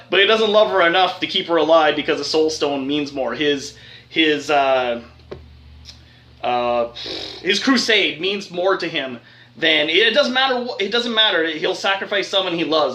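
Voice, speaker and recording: A man's voice: on the high side, normal speed, pushed and bright. A man giving a casual spoiler film review, rambling, swearing freely and getting worked up as he goes. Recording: echoey room.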